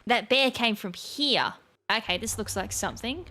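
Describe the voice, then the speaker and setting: With a slightly high, sharp voice and lively intonation at normal speed, a gaming channel host narrates a casual let's-play. She chats as she plays and thinks aloud, making fun of her own mistakes and letting out sudden exclamations.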